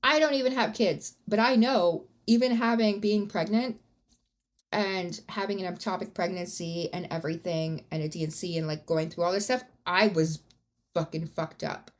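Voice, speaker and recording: A woman's voice: on the low side, normal speed. A woman hosting a podcast, telling a true-crime story in a casual, blunt and profane way, with rising outbursts. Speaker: podcast host.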